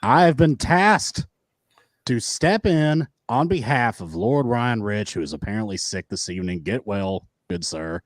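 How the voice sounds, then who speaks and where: Smooth, theatrical male podcast host. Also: on the low side, animated, unhurried, dry recording, clean studio sound. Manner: theatrical, mock-formal greetings. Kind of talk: casual wrestling chat.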